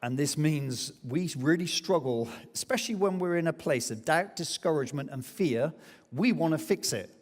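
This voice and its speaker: A man preaching a sermon as pastor, telling a story with lively acted-out quotes. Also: a little high, normal speed. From England. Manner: animated storytelling, acts out quoted voices. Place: church hall. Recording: long hall reverb.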